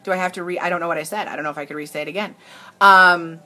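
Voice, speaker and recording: Very fast and sharp, with a lowish voice and steady tone, a young woman sells makeup on a live stream as soft music plays behind her. She chats earnestly and emotionally, often restarting sentences, into a tablet mic.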